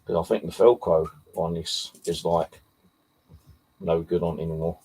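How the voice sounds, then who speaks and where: A man's voice: sits low, flat delivery, normal speed, darkish tone, slightly rough, poor audio. A man chatting casually to camera, rambling and swearing often. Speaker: vlogger.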